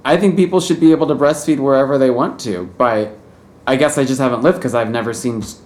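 A man's voice: medium pitch, a little mellow. A man co-hosting a podcast, reacting to a movie incredulously and joking in casual chat. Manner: incredulous, quick to joke and laugh. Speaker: podcast co-host. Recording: roomy echo.

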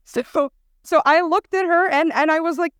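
A young woman giving a casual, storytelling youth sermon as a guest speaker, chatty and animated. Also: very high voice, moderate pace, no echo, clean studio sound.

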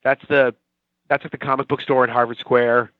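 A man's voice: mid-range voice, flat delivery, moderate pace, no room sound. A chatty man in his forties from the Boston area, talking as a guest in a loose, rambling, self-mocking way. His voice is dry and close, but the sound is dull and muffled like a remote call. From Boston area, Watertown. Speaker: guest, TV writer. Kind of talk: casual interview chat.

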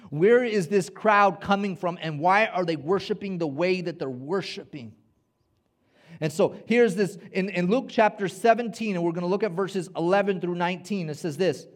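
A man preaching a sermon as pastor, emphatic, repeating words and rallying his listeners. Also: fairly high pitch.

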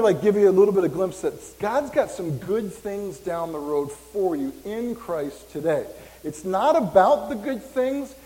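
Pastor in his 50s, loose chatty sermon style, higher voice with a mellow tone, long hall reverb. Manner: rambling, conversational, jokes with congregation.

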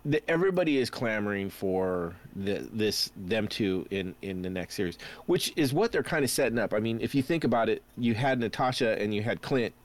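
Low-voiced man rambling about comics. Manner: rambling, many fillers and restarts. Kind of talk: casual pop-culture chat.

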